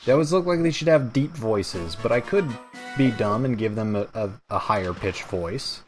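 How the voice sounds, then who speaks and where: A man's voice: on the low side, expressive, moderate pace, faint music behind. A young man hosting a let's play, chatting in a rambling, self-mocking way with many fillers. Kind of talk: gameplay commentary.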